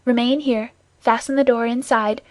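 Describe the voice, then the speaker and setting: A woman's voice: a little high, steady tone, moderate pace, darkish tone, no room sound, lightly acted. A woman voicing an earnest, gallant young male guardsman in an audiobook, reassuring and commanding.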